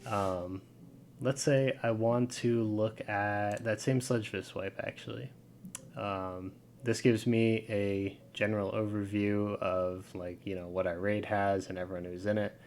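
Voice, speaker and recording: A man's voice: lowish voice, steady tone, a little slow, a little mellow, a little hiss or hum. A man giving a casual screen-share tutorial, talking loosely with lots of fillers over his screen. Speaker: video game guide creator.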